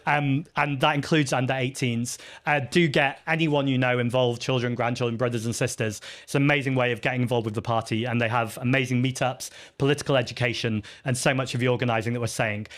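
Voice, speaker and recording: A man's voice: mid-range voice, fairly even intonation, fast, hardly any pauses, a bit bright. A man, a party leader, answering audience questions at a live festival Q&A in an earnest, chatty, self-deprecating way, with frequent ums and restarts.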